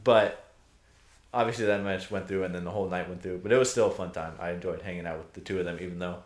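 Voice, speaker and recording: A young man co-hosting a podcast, telling stories in an animated way, often swearing and laughing. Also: low-pitched, fast. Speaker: podcast co-host. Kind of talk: casual chat. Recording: roomy echo.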